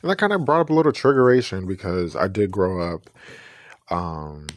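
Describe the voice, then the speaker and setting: Man, podcast host, low voice, dry close sound, earnest, reflective, restarts a lot. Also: lively intonation, moderate pace, dry recording. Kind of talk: personal podcast commentary.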